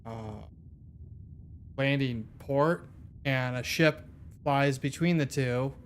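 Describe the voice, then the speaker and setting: Slow, rambling male game streamer. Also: medium pitch, a little hiss or hum. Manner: rambling, halting, many fillers and restarts. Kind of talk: casual gaming chat.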